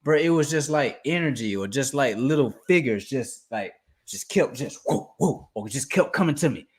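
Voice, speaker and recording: A young man in casual chat, telling a story animatedly and acting out scenes with loud outbursts and laughter. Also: medium pitch, lively intonation, normal speed, breathy edge.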